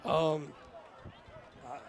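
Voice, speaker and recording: A man doing live play-by-play commentary, jokey and rambling, laughing often. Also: extremely slow. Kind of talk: live game commentary with banter.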